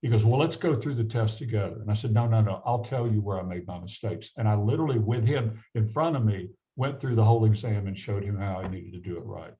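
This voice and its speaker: A man's voice: on the low side, quick pace, hardly any pauses, dark tone, dull audio. A man from the American South telling a personal story as a guest, acting out the voices of the people in it. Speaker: guest physician. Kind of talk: storytelling in a conversation.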